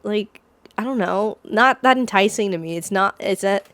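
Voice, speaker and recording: A woman's voice: medium pitch, fairly bright tone, no echo. A woman co-hosting a casual chat, talking bluntly with many halts and fillers. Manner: blunt, halting, full of fillers. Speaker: podcast co-host.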